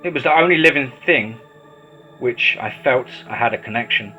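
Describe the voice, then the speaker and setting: A man narrating a horror story in a steady, dramatic storytelling voice. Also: medium pitch, normal speed. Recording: slightly dull lo-fi audio with faint music.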